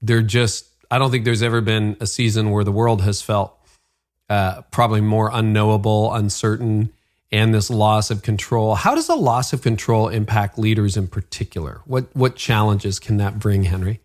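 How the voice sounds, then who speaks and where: A Canadian man hosts a leadership podcast, chatting in an upbeat way, reading ads and now and then laughing at himself. His voice is fairly low in pitch, and he speaks at normal speed.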